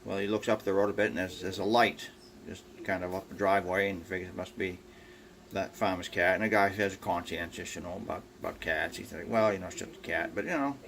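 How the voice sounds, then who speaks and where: Rambling older man with gravelly voice. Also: sits low, steady tone, a little fast, a bit bright. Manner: rambling, many fillers, acts out characters. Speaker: joke teller. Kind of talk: folksy joke telling. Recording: faint background noise.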